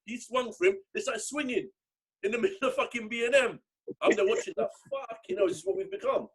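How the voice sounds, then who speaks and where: A man, telling stories in a lively, swearing casual chat. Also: very high-pitched, breathy edge. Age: 30s. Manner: fast, lively storytelling with swearing. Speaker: podcast host.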